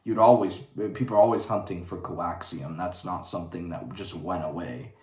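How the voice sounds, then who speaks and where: A man's voice: deep voice, normal speed, a little mellow. A man giving a casual livestream rant in a blunt, profane, rambling way. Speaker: vlogger. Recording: roomy echo.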